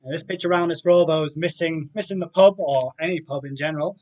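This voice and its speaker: High-voiced man hosting a live quiz. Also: steady tone, quick pace, a little mellow. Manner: reads multiple-choice options with chatty asides. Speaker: quiz host. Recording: dull lo-fi sound with faint music.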